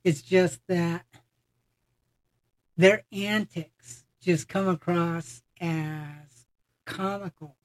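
Measured, mid-pitched casual talker. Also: fairly even intonation, rough recording. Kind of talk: casual chat about wrestling.

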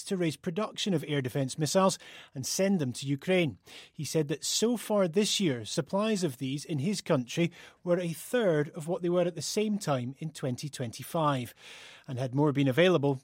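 A man presenting a radio news programme in a measured, formal way. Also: a little high, no room sound, studio quality.

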